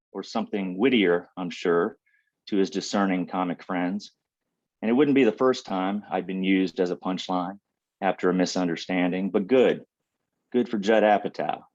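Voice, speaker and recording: Deep-voiced guy reading his poems over a video call, dry unhurried delivery, muffled lo-fi sound. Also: darkish tone, dry recording. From Ohio. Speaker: poet reading. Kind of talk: poetry reading.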